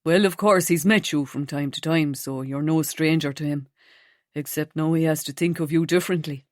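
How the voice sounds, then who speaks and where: A woman narrator voicing a young man with a soft, happy, gently teasing way of talking. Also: sits low, moderate pace, dry recording, studio quality, voice pushed down, natural voice. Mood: fond.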